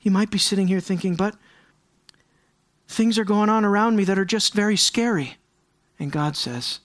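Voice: normal speed, no echo. Pastor delivering a dramatic sermon, prodding the congregation with questions; dry, close recording. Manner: dramatic, swings from raised, high emphasis to hushed near-whispers; fires rhetorical questions at the congregation.

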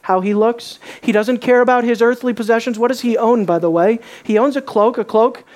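A preacher delivers an animated sermon in a mid-range voice at a fairly quick pace. He frequently restarts and repeats words, poses many rhetorical questions, and swings between loud emphasis and quiet intensity.

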